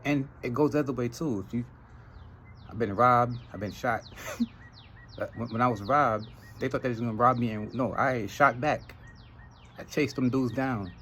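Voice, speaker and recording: A Trinidadian man hosting a podcast in a casual monologue, telling animated stories and laughing often. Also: medium pitch, slight background noise, rough recording. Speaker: podcast host.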